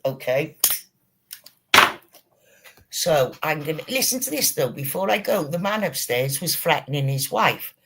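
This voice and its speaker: A man hosting a livestream, telling stories in a casual, animated way with plenty of swearing. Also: a little high, measured pace, pauses often, heavy background noise. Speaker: streamer host.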